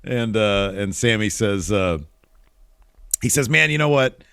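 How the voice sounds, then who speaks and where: A man co-hosting a podcast, casually recapping wrestling and acting out the wrestlers' lines in animated voices. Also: on the low side, measured pace, creaky, clean tone, dry recording, studio quality. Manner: retells matches with animated quoted voices. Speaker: podcast co-host.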